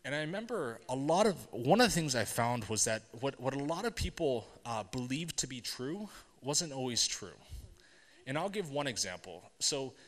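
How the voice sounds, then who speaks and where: A man's voice: mid-range voice, sing-song, normal speed. A man giving a storytelling talk at a tech event, speaking conversationally, asking the audience questions and often checking in with "right?". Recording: long hall reverb.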